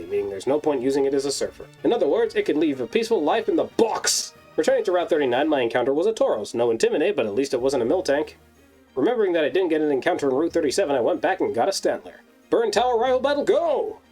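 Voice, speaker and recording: Fast, animated man narrating a game recap. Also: fairly high pitch. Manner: sarcastic, wry asides. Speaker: video host. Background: faint background music.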